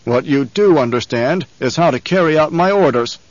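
A man voicing a scheming, obese old baron, speaking slowly and with contempt. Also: a little high, lively intonation, dry recording, lo-fi sound, natural voice. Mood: contemptuous. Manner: slow, sneering and domineering.

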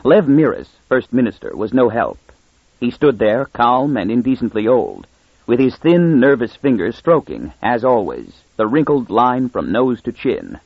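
Man narrating an audiobook, lively. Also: medium pitch, a little slow, slightly rough, no room sound, lo-fi sound. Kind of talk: scripted narration.

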